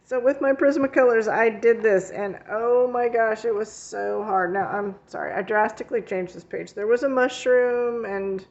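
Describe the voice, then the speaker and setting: Fairly high in pitch and a little mellow, her voice moves at a moderate pace with few pauses, and the highs are cut off. She's an art teacher and coloring channel host, casually presenting her finished pages in a vlog while rambling, using fillers, and correcting herself often.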